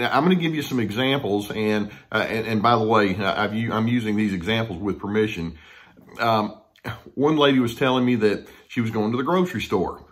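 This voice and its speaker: A man's voice: medium pitch, animated, normal speed. A male counselor speaks conversationally to the camera, acting out the people he quotes. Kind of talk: talking to camera about difficult people.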